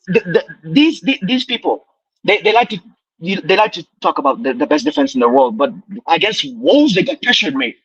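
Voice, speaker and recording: A man with a high, husky voice rants with heated energy, circling back and repeating his points. The sound is dry and a little dull, as if he is coming through a lo-fi line. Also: expressive, moderate pace, fairly bright tone, no room sound. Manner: heated, ranting, repetitive. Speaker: caller. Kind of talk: casual chat.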